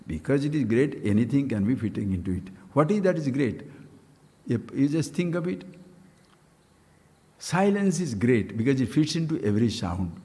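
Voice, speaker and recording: Animated swami in a reverberant hall. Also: male voice. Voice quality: animated, playful, chanting Sanskrit syllables with wide swings in pitch. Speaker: spiritual teacher. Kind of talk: spiritual discourse.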